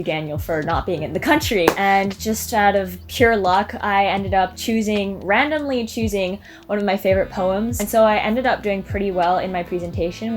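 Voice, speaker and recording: Young woman vlogger, mid-pitched voice, dramatic storyteller, faint music underneath. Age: young adult. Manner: dramatic, animated retelling. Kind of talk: casual storytelling to camera.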